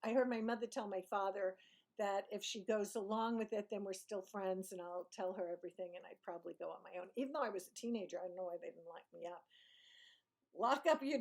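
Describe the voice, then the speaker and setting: A woman's voice: medium pitch, fairly even intonation, a little mellow. A woman from Brooklyn with a light New York accent, telling a rambling, self-mocking story to her vlog audience. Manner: rambling, self-mocking, digressive with quick laughs. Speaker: vlogger. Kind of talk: chatty storytelling monologue.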